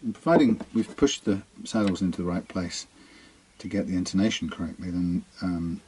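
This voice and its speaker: A low-voiced man talks himself through adjusting a bass, musing aloud as he works. Faint hiss sits under his voice, and a bass plucked now and then is heard behind him in the workshop. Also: moderate pace, darkish tone. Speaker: guitar technician. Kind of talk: hands-on workshop demonstration.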